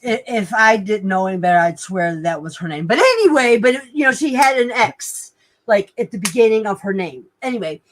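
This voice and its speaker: A woman in a casual podcast chat, excitedly telling a personal story with lots of exclamations. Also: mid-range voice, brisk, rough recording. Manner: excitable, animated, lots of "oh my God" and "like".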